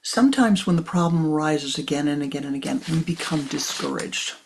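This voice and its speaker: An older woman, a spiritual teacher, speaks softly in a low, gravelly voice, a little fast, sinking almost to whispers and repeating phrases for emphasis. A slight hiss or hum runs beneath the recording.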